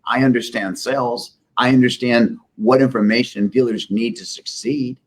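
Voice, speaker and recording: Husky middle-aged man telling stories. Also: mid-range voice, steady tone, moderate pace. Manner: rambling, self-deprecating anecdotes with restarts. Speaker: software company CEO, guest. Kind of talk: casual interview storytelling.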